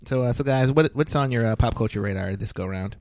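A man's voice: mid-range voice, fast talker, a little mellow, no echo, clean studio sound. A man hosting a podcast, telling stories in a loose, joking way and laughing often. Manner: loose, chatty storytelling. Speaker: podcast host. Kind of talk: casual chat.

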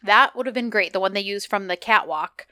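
A woman co-hosting a casual recap podcast, chatty and animated as she retells scenes with quoted lines. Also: mid-range voice, a little fast, no echo, clean studio sound. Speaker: podcast co-host.

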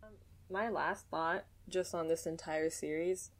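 A woman chatting on a gaming podcast, halting as she searches for her words. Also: low voice, fairly even intonation. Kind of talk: casual gaming podcast chat.

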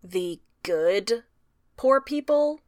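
Dry-sounding, bright-pitched woman podcaster. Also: lively intonation, dry recording. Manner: swears freely, retells scenes in quick quoted voices. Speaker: podcast co-host. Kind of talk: casual book-club chat.

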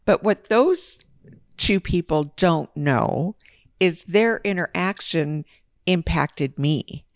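Woman, podcast co-host, casual storytelling, lively pitch swings, lowish voice. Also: slow pace, dry recording, clean studio sound.

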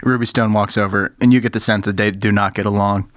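A man narrating a tabletop game as game master, calm and steady. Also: on the low side, fast, dry recording, clean studio sound.

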